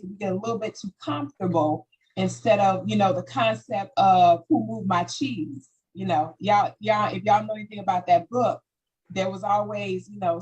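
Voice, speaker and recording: A woman hosting a panel talk, telling stories in an animated way and acting out quoted voices. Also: medium pitch, husky, dull audio. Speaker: host. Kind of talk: panel discussion.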